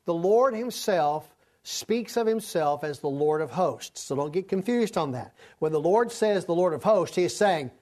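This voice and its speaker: A man's voice: sits high, lively intonation, normal speed, darkish tone. A man teaching a Bible study class in a conversational, informal way, often restarting his sentences and using fillers.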